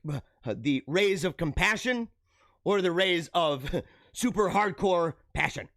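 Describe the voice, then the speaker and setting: A man's voice: high voice, a bit bright, no echo, studio quality. A man hosting a live show, delivering an exuberant, preachy motivational monologue and laughing often.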